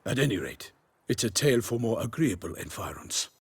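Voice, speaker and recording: Brief: a solemn knight in a game, raspy and gravelly. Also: male voice, on the low side, big pitch swings, a little fast, exaggerated voice. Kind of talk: game dialogue clip.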